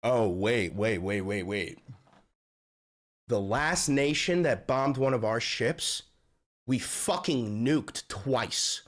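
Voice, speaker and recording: A male streamer reacts to the news live, his voice sitting at an ordinary middle pitch. He swings between loud, cursing rants and quiet muttering to himself. His delivery is raw and unscripted. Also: lively intonation, slow. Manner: swings from yelling, profane outbursts to low muttering; swears constantly. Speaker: livestream host reacting to news.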